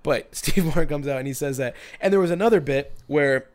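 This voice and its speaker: A man's voice: fairly high pitch, a little fast, darkish tone, slight background noise. A man on a podcast telling a story in casual chat, rambling with many restarts and bursts of laughter.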